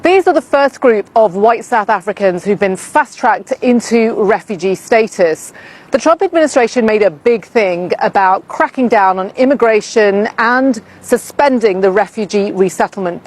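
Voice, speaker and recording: A woman reading a formal news report in a measured way. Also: medium pitch, lively intonation.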